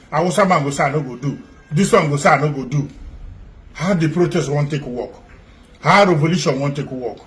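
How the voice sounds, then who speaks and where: A man with a Nigerian Pidgin accent, an activist making an emphatic, repetitive appeal. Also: a little high.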